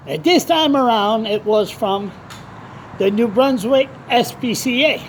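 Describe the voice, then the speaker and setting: A man's voice: extremely high pitch, unhurried, a little hiss or hum. A man blogger telling a rambling story in a casual vlog, swearing freely.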